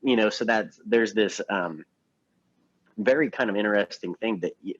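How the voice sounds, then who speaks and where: A podcast co-host talks through a film in a loose, wandering way packed with fillers, in casual discussion. His voice is on the low side at a moderate pace, and the dull, lo-fi podcast audio has no room sound.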